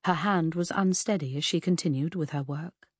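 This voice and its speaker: A woman narrating an audiobook in the first person, measured and composed. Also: deep voice, slightly rough, no room sound, studio quality.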